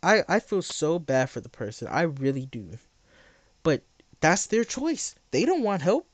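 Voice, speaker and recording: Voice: mid-range voice, big pitch swings, measured pace, no room sound. Sarcastic, exasperated livestreamer ranting. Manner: argumentative, repeats phrases for emphasis. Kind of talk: livestream rant to chat.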